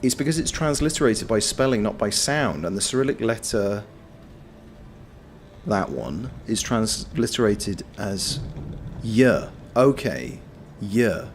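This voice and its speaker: Animated man narrating his gameplay. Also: lowish voice, takes it slowly, a little hiss or hum. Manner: animated, sweary, yelling at enemies. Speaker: game streamer. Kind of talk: live gameplay commentary.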